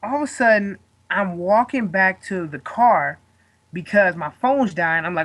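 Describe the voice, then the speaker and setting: A man's voice: high voice, animated, a little slow, fairly bright tone. A man in his twenties, a guest fighter, telling a story in casual chat, rambling and swearing with lots of fillers.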